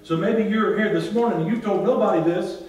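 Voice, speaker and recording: A man preaching a sermon as pastor, drawing responses from the congregation and swinging between loud and hushed delivery. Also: sits high, a little fast. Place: large church hall. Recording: very echoey church hall, from far off.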